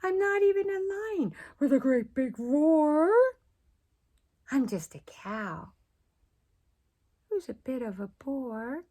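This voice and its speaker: A woman voicing a gentle, timid young female cow in a children's storybook, sweet and plaintive. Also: high voice, expressive, takes it slowly, long pauses, voice pushed up. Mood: sad.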